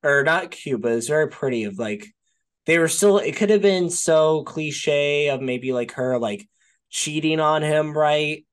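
A man's voice: on the high side, unhurried, clear, resonant tone. Rambling man in casual podcast chat. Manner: rambling, peppers speech with "like" and "right?"; swears casually. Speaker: podcast co-host. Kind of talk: casual film discussion.

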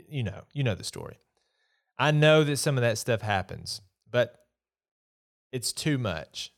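A man's voice: mid-range voice, expressive, unhurried, creaky, pauses often. Guy podcasting solo, chatty, opinionated, kinda exasperated movie rant. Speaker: podcast host. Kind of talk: casual solo movie review.

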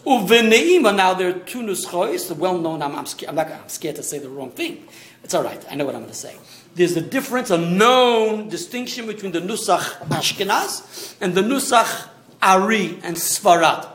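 A rabbi leads a small Torah class in an echoey room. His voice sits high for a man and swings widely in pitch as he explains. He often restarts and tosses in asides. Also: normal speed. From Australia. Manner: animated, stop-start explaining with many restarts and asides.

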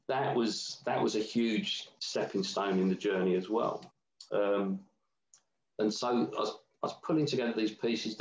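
A man's voice: fairly low pitch, a little mellow. Reflective man, roomy dull sound. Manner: reflective, meandering storytelling with many restarts. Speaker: guest. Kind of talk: casual conversation.

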